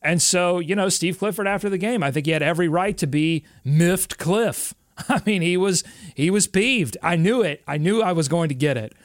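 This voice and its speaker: Animated, fairly high-voiced male podcast host. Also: moderate pace, dry recording, clean studio sound. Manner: animated, laughs often, builds stories. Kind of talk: casual sports podcast chat.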